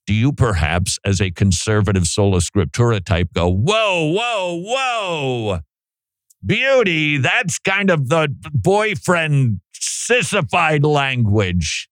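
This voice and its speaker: A man's voice: low voice, dry recording, studio quality. A man hosting a casual talk show, musing aloud and asking his co-host rhetorical questions. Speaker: podcast host.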